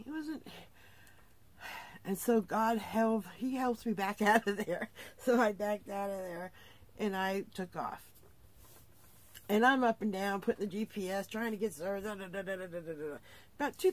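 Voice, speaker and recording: A middle-aged woman talks into her camera from inside her camper at the end of a long day. She sounds tired but keeps laughing as she recounts the story, jumping up in pitch whenever she mimics someone else. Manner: animated, laughing often, acting out quoted voices. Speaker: vlogger. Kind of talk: casual storytelling vlog.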